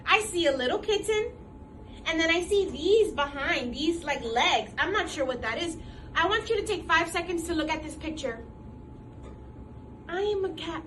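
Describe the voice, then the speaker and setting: Animated woman teacher reading aloud to kids. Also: extremely high pitch, normal speed, recorded from a distance, a little hiss or hum. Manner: animated, encouraging. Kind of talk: interactive read-aloud to children.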